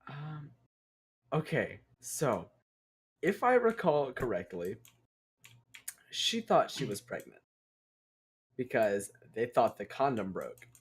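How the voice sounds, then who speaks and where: A man's voice: mid-range voice, big pitch swings, slow pace, pauses often, husky. A young man hosting a podcast, telling a story casually while gaming, rambling and swearing. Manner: rambling, profane, restarts and laughs. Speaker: podcast host.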